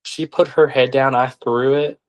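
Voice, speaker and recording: A man's voice: medium pitch, a little slow. Young man telling hunting stories. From Arkansas, United States. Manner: animated, acts out quoted voices. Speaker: guest. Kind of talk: casual storytelling.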